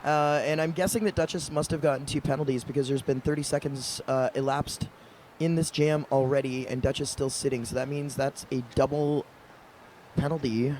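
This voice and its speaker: A man's voice: medium pitch, fairly even intonation, normal speed, darkish tone, a little hiss or hum, low-quality recording. A man doing live roller derby commentary, casual and informative about the play. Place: indoor arena.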